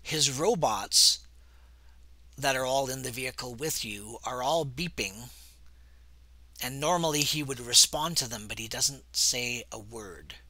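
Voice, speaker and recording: A man narrating a tabletop role-playing game as game master in a relaxed, hesitant way. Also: medium pitch, measured pace, dry recording.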